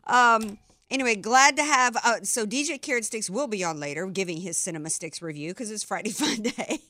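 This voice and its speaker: A woman's voice: medium pitch, fairly quick, pushed and bright, no room sound. A woman hosting a political talk radio show in a studio, talking in a rambling, chatty way with frequent restarts. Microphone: studio microphone.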